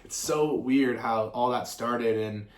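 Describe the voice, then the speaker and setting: Young guy reading out fan q&a, rambling, swears a lot, mid pitch, echoey room. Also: slow pace. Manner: rambling and swearing, full of fillers and tangents. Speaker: musician and content creator. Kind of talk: casual Q&A chat. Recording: roomy echo.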